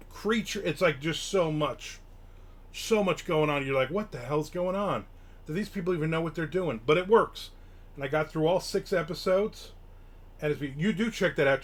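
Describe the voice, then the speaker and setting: A middle-aged man hosting a live stream, rambling casually with lots of fillers and sudden bursts of excitement. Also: fairly high pitch. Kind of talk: casual chat, reading and answering chat.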